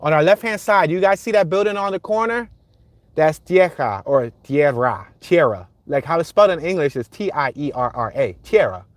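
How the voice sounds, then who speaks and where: A man's voice: a little high, expressive, normal speed, dry recording. A man hosting a live driving tour, chatting casually and reading out viewer comments as he goes. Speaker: livestream host driving a neighborhood tour. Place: inside a car on city streets.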